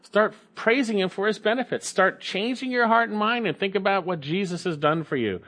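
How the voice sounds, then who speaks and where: A man's voice: sits high, brisk, a bit bright. Emphatic man preaching a sermon. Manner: emphatic, repeats key phrases, reads scripture aloud.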